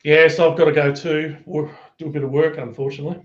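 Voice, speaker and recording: A man's voice: fairly high pitch, flat delivery, fast, reverberant. An Australian man on a video call, trading joking, teasing banter in casual chat. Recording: dull, lo-fi call audio.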